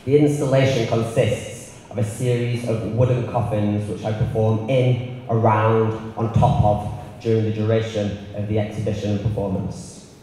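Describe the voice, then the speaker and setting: A man with a Northern English accent giving an art lecture, measured and reflective, partly reading from a prepared text. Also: on the low side, little pitch movement, warm tone, slight background noise. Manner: measured and reflective, with filler ums. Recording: roomy hall with long reverb.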